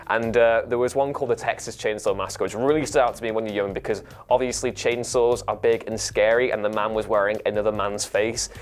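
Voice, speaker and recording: A young man with a British accent recounts childhood beliefs in a brisk, casual chat. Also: fairly low pitch, steady tone. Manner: brisk, conversational storytelling. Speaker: show panelist.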